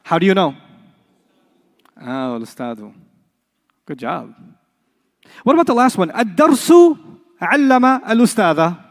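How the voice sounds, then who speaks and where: A man's voice: fairly high pitch, big pitch swings, a little slow, gravelly, pauses often. A man teaching an Arabic class to a live audience, playful, often repeating sounds and quizzing the room. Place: lecture hall with a live class. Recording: lecture hall reverb.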